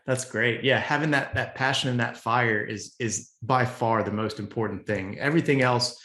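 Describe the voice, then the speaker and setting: A man's voice: medium pitch, moderate pace, fairly bright tone. Male coach host asking questions, supportive tone, roomy echoey sound. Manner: encouraging, affirming replies. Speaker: business coach, interviewer. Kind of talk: interview questions. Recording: roomy echo.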